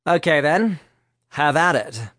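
A man voicing a calm, cheerful young woman leader who speaks measured and firmly polite. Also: a little high, no room sound, studio quality.

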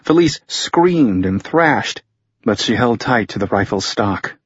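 Slow, husky male thriller narrator. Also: fairly low pitch, expressive, no echo. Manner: measured, tense storytelling. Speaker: audiobook narrator. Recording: dull lo-fi audio.

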